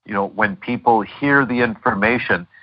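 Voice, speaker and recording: Husky deep-voiced man, lo-fi sound. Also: moderate pace. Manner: storytelling, many fillers and restarts. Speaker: guest doctor and lecturer. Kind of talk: interview over a call.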